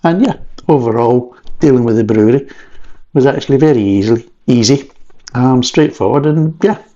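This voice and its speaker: Scottish male beer vlogger, mid-pitched, rambling and jokey, slightly muffled recording. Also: moderate pace, mellow. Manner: rambling, chatty, with jokey asides. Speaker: beer reviewer. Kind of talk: casual vlog review. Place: at home at a table.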